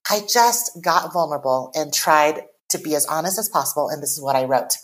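An author in her forties, originally from Taiwan, speaks on a podcast with a voice sitting a bit low for a woman. She is earnest and reflective. She shapes each thought in measured phrases, whether chatting or reading her own poem aloud. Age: 40s. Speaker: author guest.

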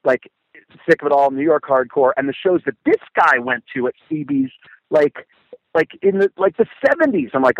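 Animated middle-aged man telling stories. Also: on the high side, a little fast, dry recording, lo-fi sound. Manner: animated storyteller acting out quotes, many fillers. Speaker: podcast guest, motivational speaker. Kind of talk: casual storytelling.

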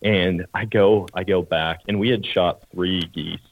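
Deep-voiced man telling a hunting story. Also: a little slow, phone-quality sound. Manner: relaxed, chatty, plain spoken. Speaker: podcast co-host, hunter. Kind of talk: casual storytelling.

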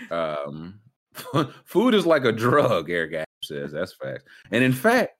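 Podcast host, male, low and animated, jokey banter. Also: a little slow. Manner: joking, riffs in bits. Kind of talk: casual chat.

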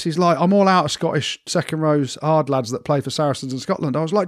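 Male podcast cohost, higher pitch, dry close sound, self-mocking storyteller, casual banter. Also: quick pace, hardly any pauses, no echo. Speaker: podcast co-host.

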